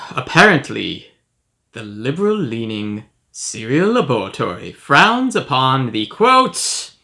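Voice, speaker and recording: A man's voice: mid-range voice, very animated, takes it slowly, vocal fry, bright, forceful tone, heavily acted. A man playing a pompous, self-important professor who hosts a comedic cereal review. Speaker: host. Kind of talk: comedic character monologue.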